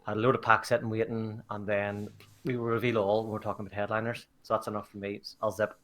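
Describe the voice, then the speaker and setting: A man with an English accent co-hosting a gaming podcast, telling stories in a lively, joking way. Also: fairly low pitch, quick pace. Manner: animated storyteller, laughs often. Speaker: podcast co-host. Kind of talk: casual chat.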